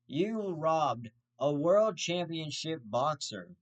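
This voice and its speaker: A man's voice: on the high side, expressive, slow. Profane, ranting young-sounding man. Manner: heated, profanity-heavy, repetitive restarts. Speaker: host of a commentary vlog.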